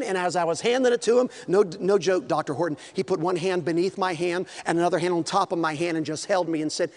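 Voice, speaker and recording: A man preaching a storytelling sermon, animated, dropping to a hush and rising to a shout. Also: high voice, fast, few pauses. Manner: animated, swinging from hushed to shouting, breaks into a hymn.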